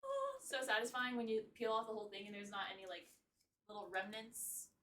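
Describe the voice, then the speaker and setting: A woman's voice: medium pitch, animated, brisk, fairly bright tone, slight background noise. A young woman streaming live, chatting casually while she wraps gifts. She swears freely and laughs often. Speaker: livestreamer. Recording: roomy sound from a distance.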